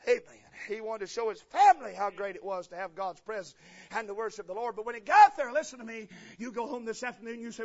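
High, husky preacher. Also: male voice, fast. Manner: fervent preaching that swings between quiet asides and loud shouting. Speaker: pastor. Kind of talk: sermon. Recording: dull lo-fi recording.

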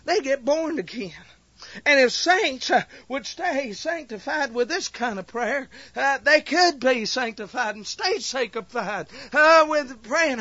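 High-voiced, fiery preacher man. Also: animated, a little slow, dry recording, lo-fi sound. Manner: builds from low earnest talk to crying shouts, many fillers. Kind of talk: fiery revival sermon.

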